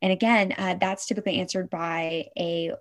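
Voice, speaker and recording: A middle-aged woman from Oklahoma, a suicide prevention worker, talking as an interview guest in a lively way that checks in with "right?" and acts out quotes. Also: lowish voice, moderate pace. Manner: animated, says "right?" often, acts out quotes. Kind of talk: conversational interview.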